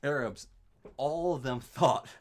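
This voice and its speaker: A man's voice: mid-range voice, slow pace. A man from Canada streaming a game, chatting casually and rambling with wry asides while he answers his live chat.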